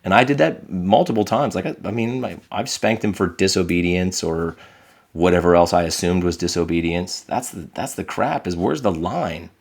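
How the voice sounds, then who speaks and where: A man with a very low, deep voice speaks candidly as a podcast guest. He is earnest and reflective, and he lifts his voice when he acts out what people said. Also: moderate pace, gravelly. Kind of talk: candid conversational storytelling.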